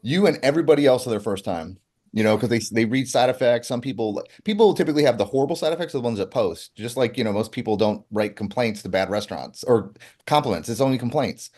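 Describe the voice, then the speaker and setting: A man co-hosting a telehealth livestream, reading viewer questions and answering in a relaxed, reassuring, matter-of-fact way. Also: medium pitch, quick pace. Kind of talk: casual livestream chat.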